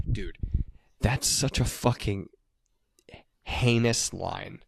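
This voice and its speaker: A man casually recapping a movie as a podcast co-host, telling it in an animated way, swearing and acting out the characters' lines. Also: deep voice, slow, creaky, pauses often, dry recording.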